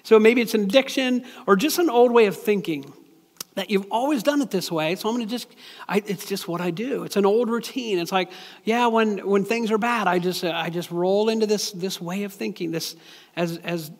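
A man with a high-pitched voice delivers a sermon in a loose, conversational style, often breaking off and restarting his sentences. His voice rings out with the long reverb of a large hall. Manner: conversational, plain-spoken preaching with frequent restarts. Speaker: preacher.

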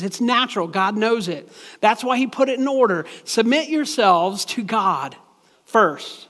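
A man's voice: high voice, a bit bright. A man preaching a sermon as pastor, talking in a loose, conversational way with repeated words and chuckles at his own jokes. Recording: long hall reverb.

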